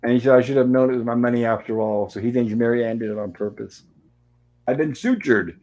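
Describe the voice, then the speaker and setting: A man's voice: medium pitch, fast talker, a little mellow, rough recording. A man in the middle of his range recaps old sitcom episodes in a loose, chatty way. He reads the characters' lines aloud as he goes and drops dry little asides between them. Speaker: show host reviewing old TV episodes. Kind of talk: casual recap and commentary.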